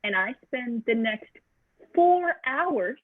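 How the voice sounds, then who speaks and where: A woman's voice: fairly high pitch, animated, slow, no echo, phone-quality sound. A woman telling a true story at an improv comedy show, hesitant, with many ums and uhs. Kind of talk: storytelling monologue.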